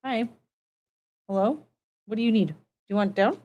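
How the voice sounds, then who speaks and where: A woman's voice: fairly high pitch, normal speed, highs cut off. A woman in her thirties hosting a casual chat podcast, chatty and giggly, rambling with plenty of fillers. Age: 30s. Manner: giggly, chatty, frequent laughter. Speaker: podcast host.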